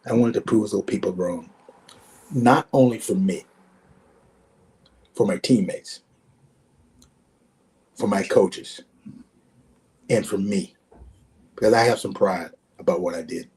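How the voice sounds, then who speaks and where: A man's voice: lowish voice, slow, pauses often, a little mellow, breathy edge. A man in his sixties, a former pro running back, telling stories as a podcast guest in an emphatic way, repeating words and acting out the exchanges he quotes. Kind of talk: podcast interview storytelling.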